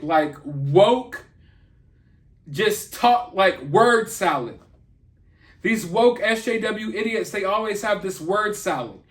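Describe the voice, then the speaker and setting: A man's voice: high voice, fairly bright tone. A man hosting an opinion commentary vlog, talking in an indignant, emphatic and mocking way. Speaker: commentary channel host.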